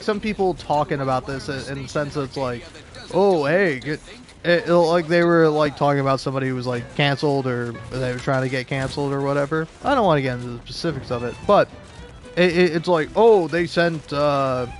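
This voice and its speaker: Rambling and swearing through a casual rant as he plays a game, this young gaming video creator keeps laughing and starting his sentences over. He talks fast in a mid-range voice, with soft background music.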